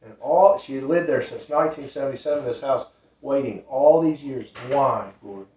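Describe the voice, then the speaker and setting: A man's voice: medium pitch, fairly quick, dark tone, slight background noise. A man telling a ministry testimony in an earnest, repetitive, casual way. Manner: earnest, repetitive, loose grammar. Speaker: ministry storyteller. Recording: roomy, distant, dull sound.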